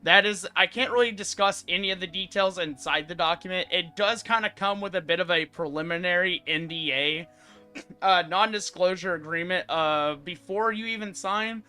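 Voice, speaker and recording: Young guy streamer rambling away, high bright voice, bit of music under it. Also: moderate pace, clear, resonant tone. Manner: rambling, chatty, self-correcting. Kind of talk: casual livestream chat.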